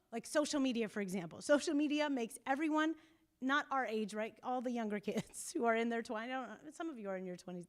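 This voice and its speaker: A woman couples therapist talks to a group at a church meeting. She is animated and emphatic, acts out quotes and laughs now and then. Her voice sits a little high. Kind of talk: casual talk to a group.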